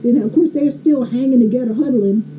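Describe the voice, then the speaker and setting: A woman's voice: high-pitched, fairly quick. A woman telling a story in a blunt, emphatic way, laughing often. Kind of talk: casual storytelling. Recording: slightly dull, faint hiss.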